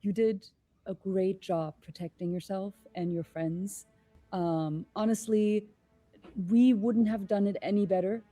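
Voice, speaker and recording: A woman voicing an earnest young male adventurer who speaks softly and reassuringly to children. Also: medium pitch, steady tone, a little slow, faint music behind, natural voice.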